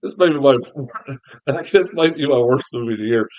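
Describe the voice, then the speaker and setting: A man's voice: medium pitch, expressive, fairly quick, darkish tone, dull audio. A man giving a casual, exasperated film review, swearing often and laughing between complaints.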